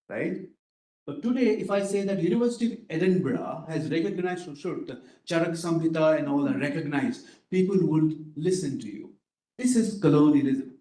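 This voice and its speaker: A man's voice: fairly high pitch, dark tone. Man lecturing in an echoey room. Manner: questioning the audience, tagging points with "right?". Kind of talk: workshop lecture to students.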